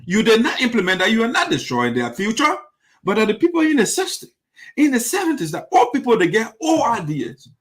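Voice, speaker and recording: A man's voice: extremely high pitch, huge pitch swings, brisk, fairly bright tone. A man hosting a critical political commentary, indignant and full of rhetorical questions that circle back to the same points. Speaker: commentary show host.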